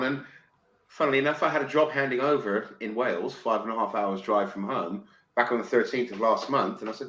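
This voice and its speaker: A man from England in casual podcast chat, excitable, swearing freely and stumbling over restarts. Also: medium pitch, fairly quick, dull audio. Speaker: podcast guest. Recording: roomy with faint noise.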